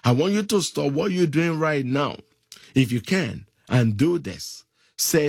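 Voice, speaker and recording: A man preaching a sermon, slow and emphatic, stretching out key phrases. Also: on the high side, animated, vocal fry, slightly rough, dry recording, studio quality.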